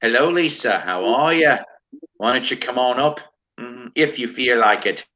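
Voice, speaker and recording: A man's voice: mid-range voice, expressive, moderate pace, pushed and bright, poor audio. A man hosting a casual group chat with friends, laid-back and playful. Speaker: host.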